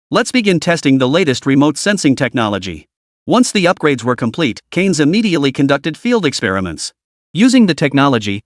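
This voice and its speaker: Man narrating a story recap, higher voice. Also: no echo, clean studio sound.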